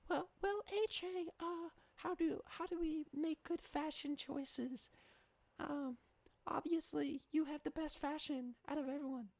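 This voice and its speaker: A bright, piping little kid full of eager questions, as a young man puts on the voice. The voice jumps far above his own into a thin squeak. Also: fairly even intonation, a little slow, vocal fry, full character voice.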